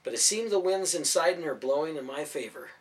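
A man's voice: on the high side, expressive, a little fast, close to an everyday voice. A man voicing a brave, earnest young hero in a storybook reading. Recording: voice from a distance off mic.

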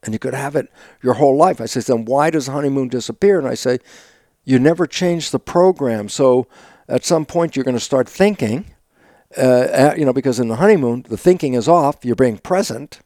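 An older man, an interview guest, telling stories with lively acted-out dialogue, sudden loud bursts and frequent laughs. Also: medium pitch, normal speed, no echo, clean studio sound. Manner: laughs often while talking. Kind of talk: animated conversational storytelling.

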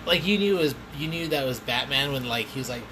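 A man's voice: medium pitch, expressive, fast talker, background noise. A man hosting a casual podcast chat, joking around loosely and swearing freely.

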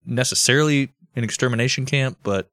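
A man's voice: mid-range voice, brisk, no echo, studio quality. A man co-hosting a casual history podcast, rambling and swearing as he tells stories. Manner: animated, profane, rambling. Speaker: podcast co-host.

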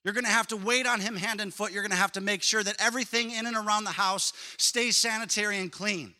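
A man voicing a calm, matter-of-fact male doctor delivering bad news. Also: high voice, fast. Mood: grave.

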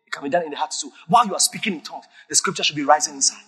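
A man preaching a sermon as a pastor, emphatic and breaking into sudden shouts. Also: on the high side, very fast, slightly rough, soft background music. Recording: long reverb of a large hall.

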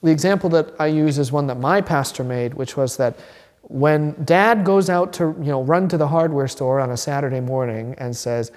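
A man gives an informal teaching sermon, talking conversationally and slipping into quick voices for his examples. His voice sits a bit high for a man, and the long reverb of a church hall trails after his words. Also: a little mellow. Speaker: pastor teaching a class.

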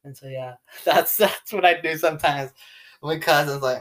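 A man's voice: a little high, moderate pace, fairly bright tone. A teenage boy hosting a casual podcast chat, rambling with many fillers and laughs. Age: teens. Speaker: podcast host.

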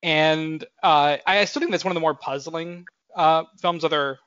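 A young man in his twenties chatting casually as a podcast co-host, his voice sitting a bit high for a man. He rambles, restarts and pads with fillers. The audio is dry and a little dull, with no room sound. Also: moderate pace, a bit bright, clean tone, dry recording. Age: 20s. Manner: rambling, filler-heavy, self-correcting. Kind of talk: casual chat.

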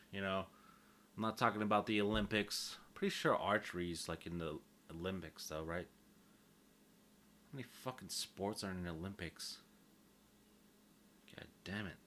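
A man's voice: on the low side, pushed and bright. A man, rambling through a casual solo monologue, crude and joking, swearing freely and poking fun at himself.

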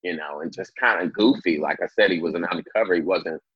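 A man with a very low, husky voice tells a story in a casual interview, acting out quotes and swearing freely. The recording is dry and a little dull. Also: fast, dry recording. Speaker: interview guest. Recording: dull lo-fi sound.

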